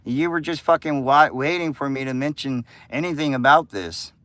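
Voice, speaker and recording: With a medium-pitched, slightly bright voice at a moderate pace and no room sound, an American man streams live and talks casually with his audience. His manner is combative and profane as he rants at chat.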